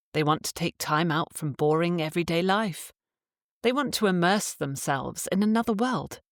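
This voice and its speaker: A woman narrating an instructional audiobook in a calm, measured reading style. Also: sits low, no echo, studio quality.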